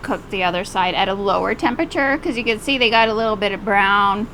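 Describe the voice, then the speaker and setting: Woman, mid-range voice, relaxed home cooking chat, faint background noise. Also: mid-range voice, fast talker, low-quality recording. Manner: relaxed, chatty, easygoing. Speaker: co-host of a cooking vlog.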